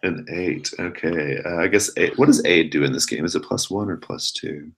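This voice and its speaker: A man's voice: low voice, normal speed, gravelly. A man running a tabletop game as game master, narrating in a rambling way with many restarts.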